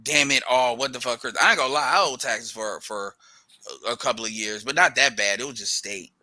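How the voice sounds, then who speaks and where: A man's voice: medium pitch, brisk, bright, forceful tone, dry recording. A man co-hosting a casual podcast chat, talking loosely with lots of swearing and restarts.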